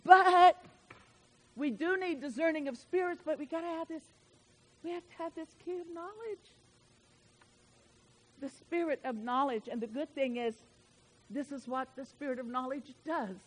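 A woman's voice: high-pitched, animated, normal speed, pauses often, poor audio. Emphatic folksy woman preaching. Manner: folksy, emphatic, swings from loud to soft. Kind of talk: sermon.

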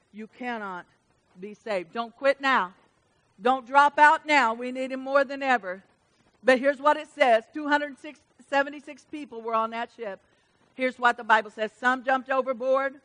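A woman pastor preaching a sermon at a church service, swinging from loud emphatic calls to soft, hushed lines. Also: high-pitched.

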